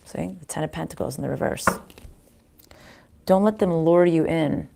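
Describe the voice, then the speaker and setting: A woman giving a casual tarot reading to viewers, pausing to consult spirits aloud and often restarting her sentences. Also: low voice, creaky, noisy background. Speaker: tarot card reader.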